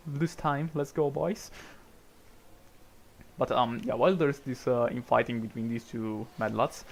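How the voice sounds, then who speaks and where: A man's voice: medium pitch, measured pace, vocal fry, pauses often. Italian-accented man chatting over a racing game. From Italy. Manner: chatty, rambling, frequent restarts and little laughs. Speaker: game streamer. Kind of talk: casual live commentary of a racing game.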